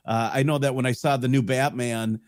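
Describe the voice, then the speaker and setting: A man's voice: mid-range voice, steady tone, fairly quick, no echo. Dry-sounding rambling male guest. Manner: joking, rambling storyteller with mock voices. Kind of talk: casual chat.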